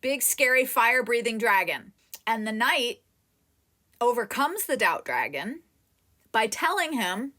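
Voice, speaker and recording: Female acting coach, lively and expressive pitch, direct and animated with a student. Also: unhurried, long pauses. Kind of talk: live coaching session.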